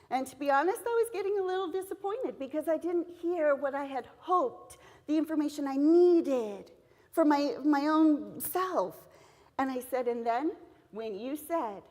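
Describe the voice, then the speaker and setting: A middle-aged woman giving an earnest, encouraging devotional talk to teachers at a seminar, telling a personal story. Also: sits high. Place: church hall. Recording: long hall reverb in a church.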